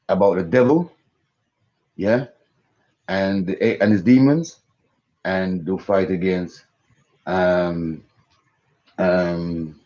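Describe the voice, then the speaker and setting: A man's voice: on the low side, warm tone, lo-fi sound. A man in his thirties rambling through a live-stream monologue, repeating himself and swearing for emphasis. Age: 30s. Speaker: conspiracy vlogger.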